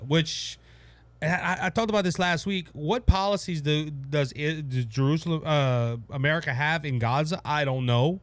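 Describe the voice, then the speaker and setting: A man's voice: a little high, normal speed, no echo. A man with a Cajun accent hosting a casual political talk show, rambling and emphatic, with frequent restarts. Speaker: podcast host.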